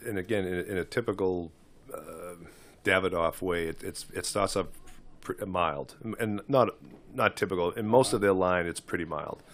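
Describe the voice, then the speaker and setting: Very deep-voiced man chatting about cigars. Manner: halting, with many restarts and fillers. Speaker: cigar reviewer. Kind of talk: casual chat.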